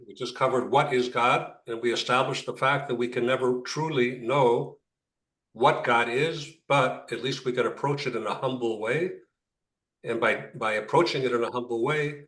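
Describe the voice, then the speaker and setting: A rabbi leads an interactive class, telling jokes and often repeating words as he thinks. His voice is mid-range and a bit bright. The room is echoey and the mic is far off.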